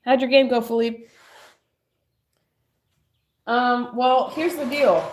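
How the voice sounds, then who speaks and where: A woman's voice: on the high side, steady tone, slow pace, a little hiss or hum. A young woman streaming while she crafts, rambling and joking with her chat and laughing often, at home. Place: at home, moving furniture.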